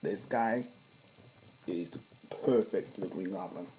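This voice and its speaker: A man's voice: low voice, measured pace, warm tone, a little hiss or hum, rough recording. Man rambling about movies. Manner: rambling, enthusiastic, with restarts. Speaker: vlogger. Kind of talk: casual fan movie talk.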